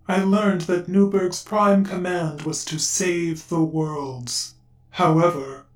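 A woman voicing a polite, formal dragon that is really a quantum computer, speaking in a resonant, calming voice. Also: deep voice, pitched below the performer's own voice. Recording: roomy echo, distant mic, faint music.

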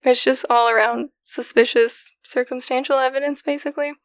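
A woman podcast host recounting a case in a steady, matter-of-fact way, in casual storytelling style. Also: high voice, normal speed, no room sound. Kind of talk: casual true-crime storytelling.

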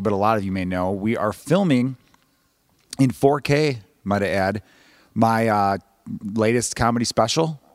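A man rambles quickly through a solo podcast intro, self-deprecating and loose with his swearing. His voice sits low, and the recording is dry and close, with no room sound. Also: no room sound. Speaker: podcast host and comedian. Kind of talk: casual solo podcast monologue. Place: home room.

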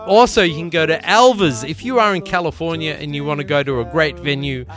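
A man's voice: on the high side, fairly quick, fairly bright tone. A man with an Australian accent hosting a podcast in loose, rambling casual chat, swearing freely and joking around. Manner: loose, profane, rambling and jokey. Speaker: podcast host.

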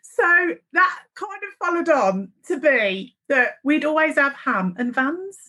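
A woman from Birmingham co-hosts a relaxed podcast with a high voice. She chats playfully and teases her co-host. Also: slow. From Birmingham, England. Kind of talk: casual chat.

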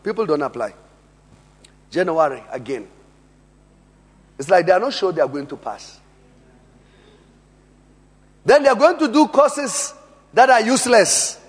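South African male pastor, high voice, emphatic sermon, long church-hall reverb. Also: big pitch swings, unhurried, pauses often, husky. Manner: emphatic, swings between soft asides and loud bursts.

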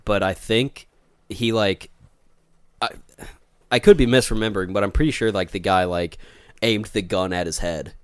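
A man's voice: fairly low pitch, moderate pace, long pauses, a bit bright, clear, resonant tone, dry recording. A man joking crudely in casual chat.

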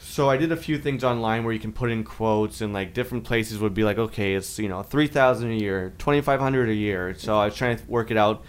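A man co-hosting a podcast, telling a long story in casual chat, rambling and getting animated when he quotes other people. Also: fairly low pitch, fairly quick, few pauses, smooth. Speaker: podcast co-host.

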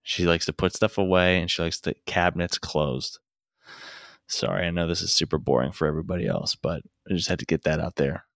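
A man's voice: low voice, fairly even intonation, fairly quick, creaky, fairly bright tone, no room sound, clean studio sound. A young man on a casual livestream chat, a parent telling rambling stories about home and laughing as he goes. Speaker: co-host, parent.

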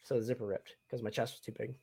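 A man's voice: mid-range voice, steady tone, fast talker, vocal fry, dark tone. A young man hosting a casual chat, rambling and upbeat with many fillers. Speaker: podcast host and cosplayer.

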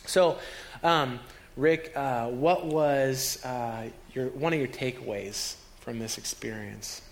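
A man talking in an earnest, emotional way with halting restarts, recounting a trip as host of a conversation. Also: mid-range voice. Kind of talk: casual storytelling conversation.

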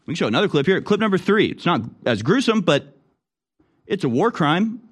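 A man's voice: high voice, big pitch swings, brisk, husky. A man hosting online news commentary, reacting to clips in an indignant manner with sudden exclamations. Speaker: political commentary host.

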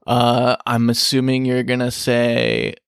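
A man co-hosting a podcast, relaxed and self-deprecating, with quick jokes. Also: medium pitch, vocal fry, smooth, no echo, studio quality. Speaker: podcast co-host. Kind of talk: casual faith discussion.

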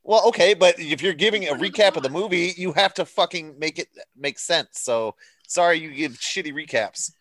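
A man's voice: fairly high pitch, moderate pace, a bit bright, dry recording. Dry-sounding, laid-back swearing man. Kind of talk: casual chat, movie review.

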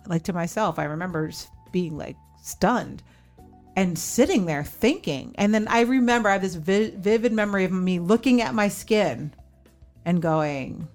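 A woman's voice: on the low side, normal speed, darkish tone, soft background music. A woman in her forties hosting a podcast, candidly telling a personal story and acting out remembered dialogue. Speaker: podcast host.

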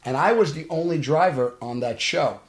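Here a Brooklyn actor, with a voice that's a little high and a normal speaking speed, trades stories in a laid-back podcast interview. He's lively and acts out quoted dialogue in his Brooklyn New York accent, recorded in a podcast studio with roomy echo.

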